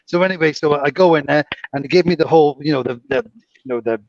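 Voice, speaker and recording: A man in his fifties tells stories in relaxed conversation, animated and quick to laugh. His voice sits a little high and has a gravelly edge. The audio is dry and dull, like a lo-fi recording. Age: 50s. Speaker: guest telling stories. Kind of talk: casual chat.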